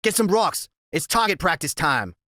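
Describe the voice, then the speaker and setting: A man's voice: sits high, very animated, normal speed, bright, forceful tone, no room sound, pitched above the performer's own voice, full character voice. A man puts on a cruel teenage gang leader who sneers and taunts. The voice is lifted a little above the reader's own and stays menacing throughout. Close, dry sound. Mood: taunting.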